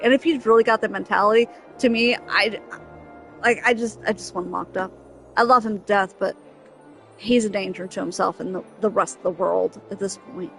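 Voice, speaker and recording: A woman's voice: medium pitch, brisk, vocal fry, a bit bright, soft background music. A woman streaming a game, talking casually and venting in an exasperated, emphatic way that keeps circling back to the same point. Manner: exasperated, emphatic, repeats herself. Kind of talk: casual venting chat over gameplay.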